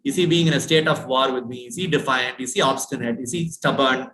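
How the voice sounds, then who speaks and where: A man's voice: mid-range voice, a little fast, a bit bright, echoey room, poor audio. A man with an Indian accent giving a dental lecture, often asking the students questions and repeating his points. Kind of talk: classroom lecture.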